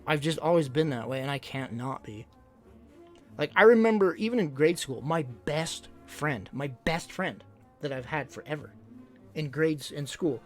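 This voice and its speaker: A man streaming live, casually telling stories to his chat and acting out what people said. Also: on the high side. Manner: animated, acts out quotes loudly. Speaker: livestreamer.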